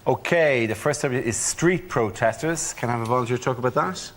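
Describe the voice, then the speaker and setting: Brisk male panel show host. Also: medium pitch, fairly bright tone. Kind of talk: announcing topics on a panel show. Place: TV studio with live audience. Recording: crowd and noise from off-mic.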